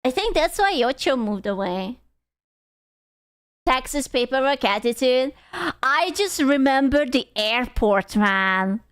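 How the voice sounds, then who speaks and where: High-pitched young woman streamer, swears a lot, blunt rant mode. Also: sing-song, takes it slowly, a bit bright, clean tone. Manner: blunt, profane, ranting. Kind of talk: casual livestream chat.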